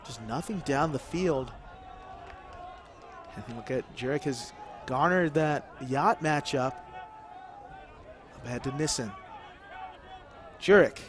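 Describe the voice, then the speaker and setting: A man's voice: medium pitch, slow pace, long pauses, a faint crowd, a little hiss or hum. A man calling play-by-play sports commentary in short bursts that rise with the scoring plays. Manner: calls the action in short bursts, rising with scores.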